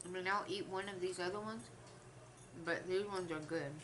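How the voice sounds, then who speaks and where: A woman's voice: lowish voice, fairly even intonation, moderate pace, background noise. A woman vlogger chatting casually while she eats, telling a rambling story and trailing off between bites. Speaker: mukbang vlogger. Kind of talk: casual chat while eating.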